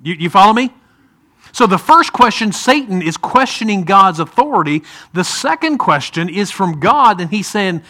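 Bright high-voiced man teaching a Bible class. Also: lively intonation, moderate pace. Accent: Ohio. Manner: conversational, asks the group questions.

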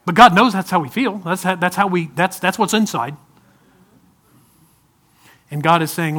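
A man preaching a sermon to a congregation, swinging from loud urging to soft, pleading asides. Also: high voice, normal speed, pauses often. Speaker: pastor.

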